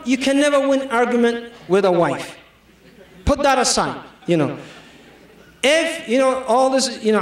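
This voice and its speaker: A man with as his giving a humorous sermon, acting out quoted dialogue. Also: very high-pitched. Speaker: preacher. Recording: echoey hall, from far off.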